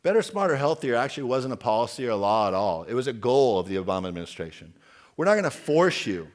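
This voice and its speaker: Man, forties, keynote speaker, mid-pitched voice, emphatic, outspoken, questions the audience. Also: animated, very fast, darkish tone. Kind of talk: conference keynote speech.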